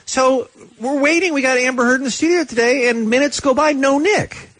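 A man co-hosting a radio talk show, teasing a caller in lively banter and mimicking others in quoted lines. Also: very high-pitched, brisk, a little hiss or hum, low-quality recording. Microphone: studio mic.

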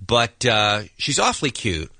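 A man's voice: mid-range voice, measured pace, no echo. A man co-hosting a morning radio show, telling stories with wry jokes in casual banter. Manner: wry, joking, animated storytelling.

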